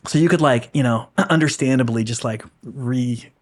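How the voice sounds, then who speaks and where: Rambling man with a middle-pitched voice. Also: normal speed. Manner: rambling, many fillers and restarts, laughs often. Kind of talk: casual podcast conversation.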